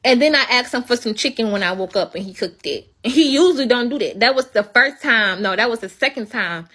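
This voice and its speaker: A woman's voice: fairly high pitch, expressive, fairly quick, bright, forceful tone. A young woman livestreaming from home, telling a story as an indignant, swearing rant. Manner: indignant, venting, swears freely. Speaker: livestream host.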